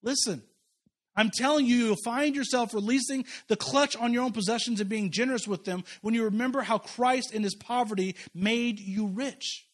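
A man's voice: very high-pitched, moderate pace. A man preaching a conversational sermon as a pastor, impassioned and emphatic, often restarting his sentences.

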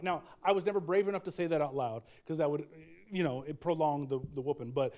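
A man's voice: a little high, quick pace, a little mellow. A middle-aged male pastor preaching a sermon, emphatic, with folksy asides and repeated key lines.

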